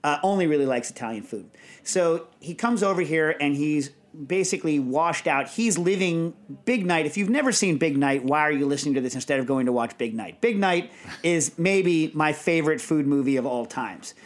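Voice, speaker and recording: A fairly high-voiced male podcast host chatting casually. He rambles from one story to the next, quick and animated, with lots of asides. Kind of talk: casual chat.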